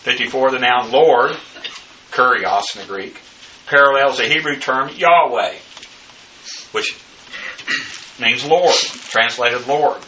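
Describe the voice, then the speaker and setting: A man gives a bible study lecture, reading through numbered notes in a halting way with many filler uhs. His mid-range voice is very bright and cutting. The low-quality recording places him at a distance from the mic, with a faint hiss behind him.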